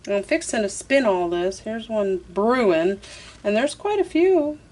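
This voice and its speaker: Here a woman with a medium-pitched, darkish voice speaks at a measured pace and sounds expressive. She's walking through a casual craft tutorial one step at a time, chatty and talking to herself while working, with a "y'all" here and there.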